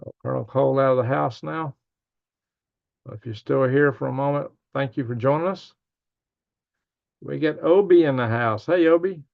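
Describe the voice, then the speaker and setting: Gravelly man hosting a casual livestream. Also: medium pitch, moderate pace, pauses often, narrow, tinny audio. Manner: reads viewer comments aloud and answers them; rambling, thinking aloud. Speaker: livestream news host.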